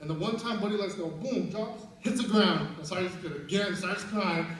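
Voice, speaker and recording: A man's voice: high voice, brisk, fairly bright tone. A young man telling stories at a memorial service, laughing often and acting out what people said. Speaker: eulogy speaker at a memorial service. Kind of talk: storytelling remembrance. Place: large room at a memorial service. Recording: very echoey hall, far from the mic, background noise.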